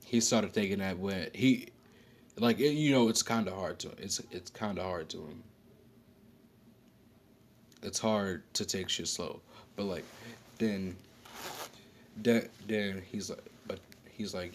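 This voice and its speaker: A man's voice: deep voice, takes it slowly, pauses often, a little hiss or hum. A man casually telling an improvised story, rambling with slang, fillers and frequent self-corrections.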